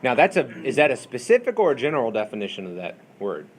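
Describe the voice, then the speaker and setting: A man's voice: mid-range voice, huge pitch swings, quick pace. Man teaching a Bible class. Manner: conversational, asks the class questions, many fillers. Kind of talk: classroom lecture with questions.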